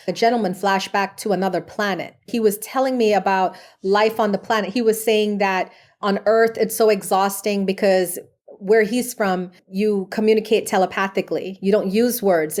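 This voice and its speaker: A woman's voice: mid-range voice, darkish tone. A woman guest on a podcast interview, a past life regression therapist talking earnestly in a casual, storytelling way.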